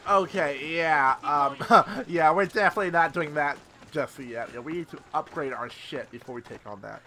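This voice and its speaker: A young man giving excitable, casual let's-play commentary, with loud outbursts and constant swearing. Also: a little high, normal speed. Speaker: gameplay streamer.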